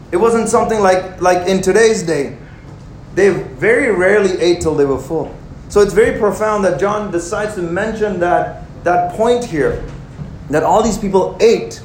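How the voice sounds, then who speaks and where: A young man preaching a sermon, animated and conversational, with jokes and asides to the congregation. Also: sits high, slight background noise. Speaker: pastor. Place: church hall. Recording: roomy hall with faint ambience.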